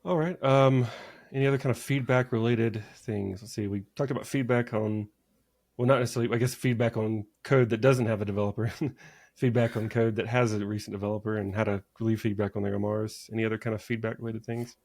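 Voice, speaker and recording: A man co-hosting a casual software podcast, chatty and quick to laugh, often restarting his sentences. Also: on the low side, steady tone. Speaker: podcast co-host. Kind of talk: casual conversation about software.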